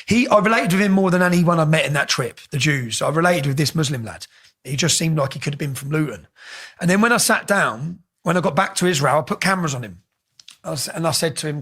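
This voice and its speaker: Animated English man telling stories, husky. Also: a little high, fast. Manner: animated, swears freely, acts out quotes. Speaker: interview guest. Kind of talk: casual storytelling.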